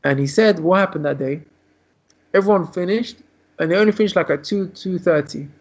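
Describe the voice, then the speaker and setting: A man's voice: high-pitched, a little fast. Rabbi guy telling a long story on a video call, loose run-on style, dull lo-fi sound. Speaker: rabbi teaching. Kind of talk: storytelling lesson.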